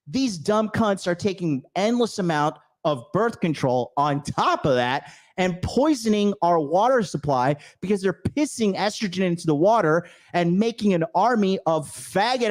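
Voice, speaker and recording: A man hosting his own show launches into an aggressive, profanity-laden rant aimed at his audience. His voice sits on the higher side for a man. He hammers his points through repetition and mocks opponents in sneering tones. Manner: aggressive, cursing, repetitive ranting. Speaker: podcast host. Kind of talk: profane angry rant to camera.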